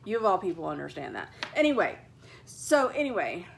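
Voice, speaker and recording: Woman hosting a chat show, super animated, jumps way up high when she acts stuff out. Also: fairly quick, vocal fry. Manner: animated, dramatic, acts out scenes in high squeals. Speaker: podcast host. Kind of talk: casual chat.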